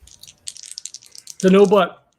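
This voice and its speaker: A man's voice: drawn-out words, a little mellow. A man running a tabletop horror game as game master, thinking aloud in a loose, conversational way.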